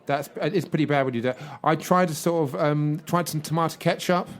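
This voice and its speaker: A man playing a pale, fanged, old-fashioned male vampire in an improvised radio comedy sketch, rambling and deadpan. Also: a little high, a little fast, slight background noise, lightly acted.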